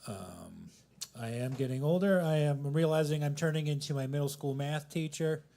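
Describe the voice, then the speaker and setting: A man in his thirties doing a self-deprecating open mic stand-up set in a coffee house, swinging between loud punchlines and mumbled asides. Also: on the high side, moderate pace, vocal fry. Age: 30s. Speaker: stand-up comedian.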